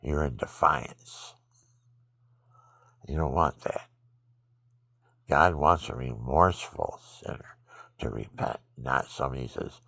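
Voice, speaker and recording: Sleepy and utterly exhausted, a male vlogger drifts through a rambling religious monologue in a deep, gravelly, husky voice, veering between loud outbursts and murmurs. He keeps a measured pace and pauses often. The audio resembles a phone recording made in a dry, close room at home, with no echo.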